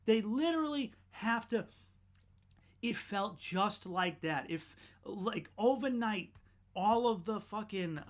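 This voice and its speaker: This male podcast host's rant is comedic, sardonic and full of profanity; it wanders, starts over, and flips from shouting to mumbled asides. He speaks slowly in a high-pitched, animated voice.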